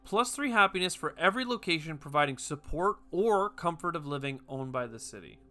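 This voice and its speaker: A man talks his way through a strategy game in a loose, chatty commentary, tossing off jokey asides to himself. His voice is bright and forceful, and faint game music runs under it. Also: fairly high pitch, lively intonation, a little fast. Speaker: gaming video host. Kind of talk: casual gameplay commentary.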